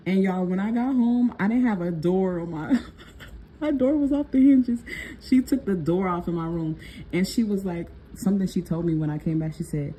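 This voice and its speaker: A young woman who works as a nail technician tells a personal story vlog-style, chatting, laughing, and calling her viewers "y'all." Her voice is lowish and warm, at a normal speed. There's slight background noise.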